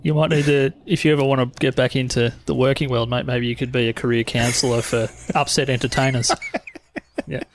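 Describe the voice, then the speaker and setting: A man's voice: mid-range voice, level tone, a little fast, a little hiss or hum. A man hosting a casual interview podcast, speaking in a friendly, plain-spoken, slangy way. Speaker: podcast host.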